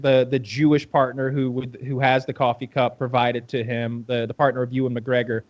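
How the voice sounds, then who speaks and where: A man's voice: medium pitch, level tone, brisk, dry recording, highs cut off. Rambling man on a podcast. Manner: rambling, laughs often, searches for words. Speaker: podcast co-host. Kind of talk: casual chat about TV shows.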